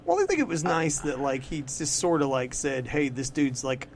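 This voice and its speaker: A man co-hosting a podcast, chatting casually about comics in a loose, profane way, full of "like" fillers and quick laughs. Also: a little high, very animated, a crowd in the background. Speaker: podcast co-host. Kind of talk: casual comic-book chat.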